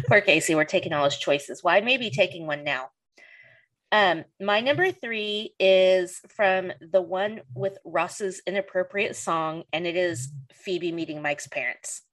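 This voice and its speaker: A woman's voice: on the low side, expressive, slow pace, a bit bright. A young adult woman hosting a casual podcast chat, laughing often and acting out quoted lines in a raised voice. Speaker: podcast host.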